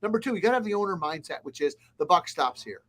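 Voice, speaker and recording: A man's voice: high-pitched, lively intonation, fast, fairly bright tone. A man, a restaurant consultant, giving blunt, emphatic advice as a guest in a casual interview. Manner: blunt, emphatic, lists points.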